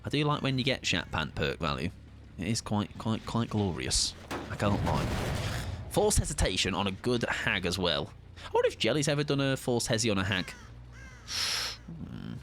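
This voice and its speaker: A man's voice: on the low side, very animated, normal speed, background noise. A man, chatting playfully while live-streaming a game and greeting viewers. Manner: playful, chatty, jokey asides. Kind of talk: casual live-stream commentary.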